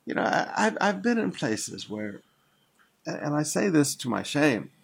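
Slow, husky older preacher. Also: male voice, on the high side, sing-song. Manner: conversational Bible teaching with asides and repeated phrases. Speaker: pastor. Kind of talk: sermon.

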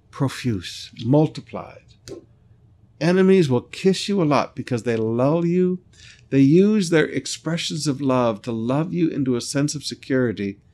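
A man preaching a sermon as a pastor, stressing and repeating lines, slowing down on scripture and telling stories in a conversational way. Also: medium pitch, mellow. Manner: conversational storytelling asides.

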